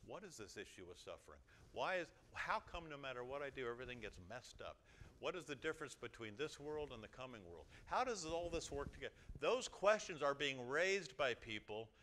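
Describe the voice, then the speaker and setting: A man preaching a sermon to his congregation as their pastor, swinging from quiet asides to loud exhortation. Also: medium pitch, a little hiss or hum. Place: church sanctuary before a congregation.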